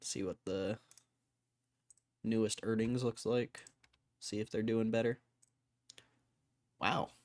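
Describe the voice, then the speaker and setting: A man's voice: on the low side, steady tone, slow, long pauses, a little mellow, dry recording. A man livestreaming stock market commentary, thinking aloud in a casual way and swearing freely as he mock-rants. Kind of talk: casual live-stream commentary.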